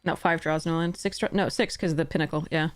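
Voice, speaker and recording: A woman's voice: deep voice, fairly even intonation, quick pace. A woman streaming a card game, thinking aloud, swearing and frustrated, with faint music behind. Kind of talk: live game commentary.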